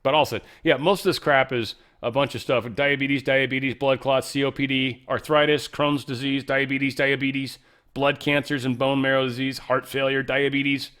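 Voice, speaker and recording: A man with a bright voice on the high side hosts a casual political commentary show. He is blunt and profane, drifting into rambling asides.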